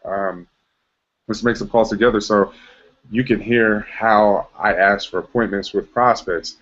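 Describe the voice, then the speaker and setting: A man's voice: lowish voice, steady tone, measured pace, fairly bright tone. A man leading a team meeting, talking about how to show rather than tell, with many restarts and fillers. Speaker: team leader. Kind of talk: motivational team meeting talk. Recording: dull lo-fi sound.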